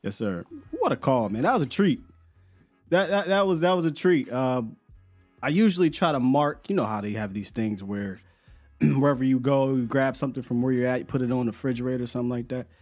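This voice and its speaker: A man's voice: medium pitch, animated, a little fast, a little mellow, soft background music. A man hosting a live podcast in casual chat, laid-back and slangy, often repeating words as he talks. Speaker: podcast host.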